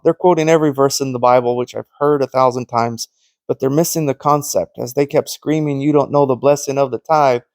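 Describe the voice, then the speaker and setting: A man's voice: a little high, vocal fry, darkish tone, dry recording. A man giving an informal, earnest preaching monologue, telling stories and acting out the conversations he quotes. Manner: storytelling that acts out quoted conversations. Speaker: Christian teacher.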